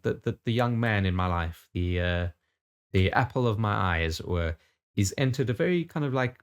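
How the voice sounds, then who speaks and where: A man in his thirties from the UK, co-hosting a casual podcast chat, rambling with lots of restarts and casual swearing. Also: lowish voice. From United Kingdom. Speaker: podcast co-host.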